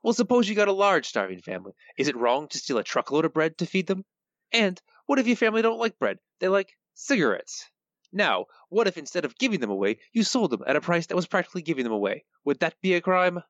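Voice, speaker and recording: A man voicing a calmly menacing male mob boss in a mild gangster impression, on a dull lo-fi podcast recording. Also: high voice, quick pace, no room sound, pitched above the performer's own voice. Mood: sly.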